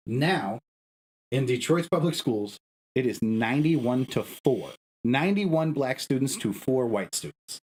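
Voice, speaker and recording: A man's voice: animated, a little slow, darkish tone, low-quality recording. A young adult man co-hosting a podcast, arguing a point with heavy swearing, his voice climbing when he gets heated. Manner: profane, emphatic, arguing with rising pitch. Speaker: podcast co-host. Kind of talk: heated casual podcast rant.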